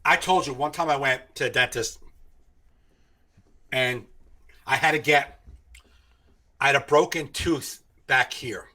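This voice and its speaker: A man's voice: medium pitch, unhurried, long pauses. A man co-hosting a podcast, telling profane stories in casual chat. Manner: animated, profane storytelling. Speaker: podcast co-host.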